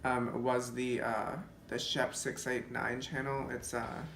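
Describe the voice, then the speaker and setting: A man's voice: mid-range voice, level tone, takes it slowly, gravelly, fairly bright tone, a little hiss or hum. A young man talking casually to the camera while doing his makeup, rambling and chatty, with lots of "like" fillers. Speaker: beauty vlogger. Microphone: camera mic, seated in front of the camera. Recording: echoey room with faint music.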